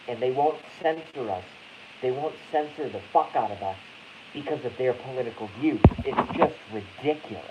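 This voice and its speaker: A man's voice: mid-range voice, normal speed. A man from Boston hosting a casual live stream, rambling, swearing and cutting himself off mid-sentence. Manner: rambling, profane, self-interrupting. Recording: dull lo-fi audio with faint hiss.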